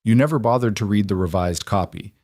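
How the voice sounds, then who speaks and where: A man reading the lines of a smooth, condescending British lawyer. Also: fairly low pitch, brisk, a little mellow, dry recording, clean studio sound, lightly acted.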